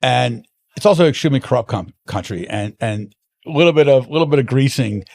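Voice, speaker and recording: A man's voice: mid-range voice, fast, gravelly. A man being interviewed, telling long stories in a casual chat with lots of restarts. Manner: animated anecdotes with frequent restarts. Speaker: guest, wine importer.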